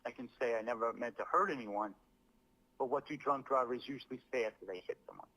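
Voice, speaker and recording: A man reading a scripted apology video, speaking deliberately and stressing words as if acting. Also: medium pitch, sharp tone, rough recording. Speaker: comedian making an apology video.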